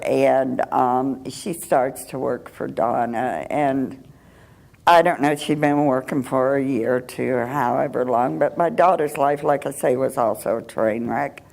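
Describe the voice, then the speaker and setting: An older woman giving a personal testimony at church, telling her story in a halting, unhurried way with restarts and soft laughs. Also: extremely low pitch, vocal fry.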